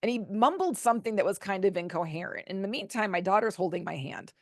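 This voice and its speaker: A woman's voice: mid-range voice, quick pace, no room sound, studio quality. A woman guest candidly recounting a personal story in an interview, acting out quotes as she goes. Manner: candid, animated retelling with acted-out quotes. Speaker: podcast guest, author.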